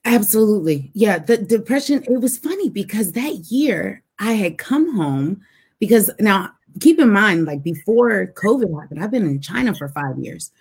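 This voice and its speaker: A woman's voice: mid-range voice, animated, normal speed, a little mellow, breathy edge. A woman guest telling a personal story with animation, acting out voices and dialogue as she goes.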